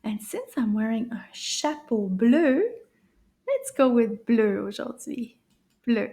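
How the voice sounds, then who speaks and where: A high-pitched woman leads a children's lesson at a very slow, deliberate pace. She draws each word out for young learners, cheers them on, and often slips into soft whispers between words. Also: expressive. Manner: slow, drawn-out word modeling with frequent soft whispered asides; encouraging, praising the listener. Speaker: French teacher for kids.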